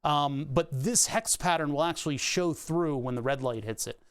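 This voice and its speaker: A man's voice: on the high side, normal speed, clear, resonant tone. A man streaming casually while he works on a craft project, rambling and restarting sentences and laughing at puns as he talks to his chat. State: hiccuping, heartburn.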